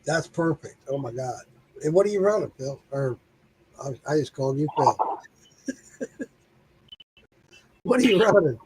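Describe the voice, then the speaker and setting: A man's voice: on the high side, expressive, a little slow, pauses often, darkish tone, a little hiss or hum, rough recording. A man co-hosting a casual livestream chat, joking and teasing and laughing often.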